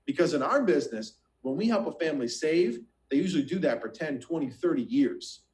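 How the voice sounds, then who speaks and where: A man with a fairly high voice delivers an energetic motivational pitch. He talks straight to his listeners, asks them question after question, and stumbles over repeated words as he pushes ahead. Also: fairly quick, low-quality recording. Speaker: financial business recruiter.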